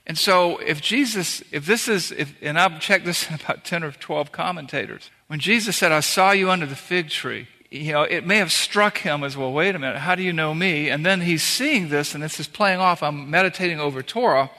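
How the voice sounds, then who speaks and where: A man's voice: a little high, brisk, hardly any pauses, bright, forceful tone. A man preaching a sermon as pastor, earnest and emphatic, often repeating phrases for weight. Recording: reverberant hall.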